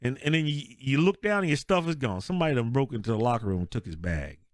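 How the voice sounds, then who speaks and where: Animated man telling sports stories. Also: mid-range voice, quick pace, no room sound. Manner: animated storyteller, laughs often, acts out quotes. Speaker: podcast co-host. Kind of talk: casual sports chat.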